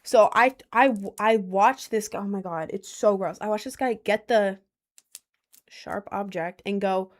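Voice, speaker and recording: A woman's voice: mid-range voice, measured pace. A young woman spins a casual story in a rambling way, full of filler words. She keeps breaking off to apologize for oversharing. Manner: rambling, heavy on "like", apologetic asides.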